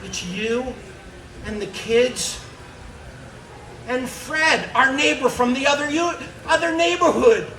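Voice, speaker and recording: A man's voice: extremely high pitch, slow, pauses often, bright, forceful tone, slight background noise, voice pushed up, exaggerated voice. A man voicing an overworked, short-tempered father who sounds weary and exasperated. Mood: puzzled. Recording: echoey stage from far off.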